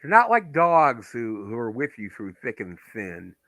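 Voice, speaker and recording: A man with a bright, forceful voice and a very lively pitch that swings high and low. He talks slowly in a casual group chat, cracking crude jokes and laughing often. The sound is dry and close to the mic. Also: dry recording.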